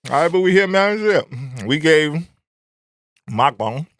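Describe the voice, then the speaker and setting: A young adult man hosting a podcast, telling stories in a relaxed, profane way full of slang. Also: fairly high pitch, unhurried, dry recording, clean studio sound. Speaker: podcast host. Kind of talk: casual chat.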